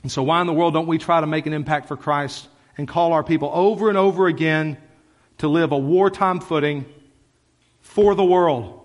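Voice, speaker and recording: A male pastor delivers a passionate, conversational sermon with a slightly high voice. His words ring out with a long reverb tail in the church sanctuary. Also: fairly even intonation, moderate pace.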